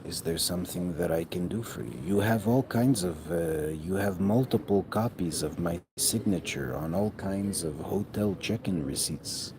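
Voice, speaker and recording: A man's voice: low-pitched, moderate pace, few pauses. A man talking in a rambling, profane monologue that often trails off mid-thought. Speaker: vlogger. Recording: noticeable background noise.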